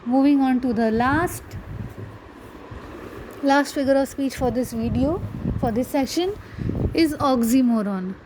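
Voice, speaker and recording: A woman's voice: sits high, measured pace, long pauses, noisy background. A woman teaching a grammar lesson, patiently explaining and asking her students rhetorical questions. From India. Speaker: English teacher.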